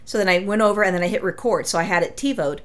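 A woman co-hosting a casual chat show with a blunt, direct way of talking. She swears freely and tells her stories with lots of restarts. Her pitch sits at an ordinary middle for a woman. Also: rapid-fire. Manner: blunt, profane, storytelling with restarts. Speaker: podcast co-host.

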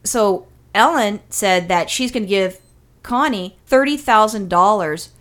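A middle-aged woman from California, co-hosting a casual podcast, telling stories in a blunt, profane, animated way. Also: mid-range voice, a little slow. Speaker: podcast co-host.

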